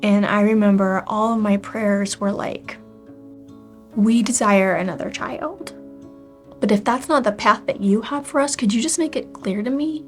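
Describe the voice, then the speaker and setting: A woman's voice: medium pitch, a little slow, faint music behind. A woman in her forties sharing a personal testimony, candid and emotional, often dropping to a near-whisper. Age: 40s.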